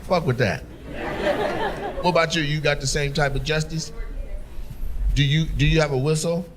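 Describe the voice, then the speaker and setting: A man's voice: on the high side, fairly even intonation, moderate pace. A man doing teasing, profane crowd work as a stand-up comedian on a club stage. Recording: live show with crowd noise. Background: audience laughter.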